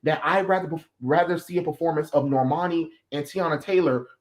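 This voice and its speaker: Guy streamer going off on a rant, kinda high voice, blunt and heated, swears some. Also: fairly quick. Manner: heated, blunt ranting with profanity. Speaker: stream host. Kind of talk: casual chat.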